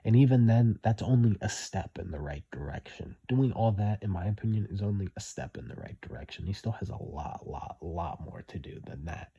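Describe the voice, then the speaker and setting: A man's voice: lowish voice, animated, brisk, vocal fry, hardly any pauses, mellow, slightly rough, muffled recording. A young man giving blunt, repetitive opinion commentary, hammering his points home.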